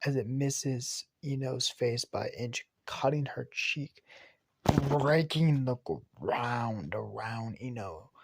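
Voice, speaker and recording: A man casually retelling an anime fan story, rambling and excitable, swearing and restarting often. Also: medium pitch, slow pace, gravelly.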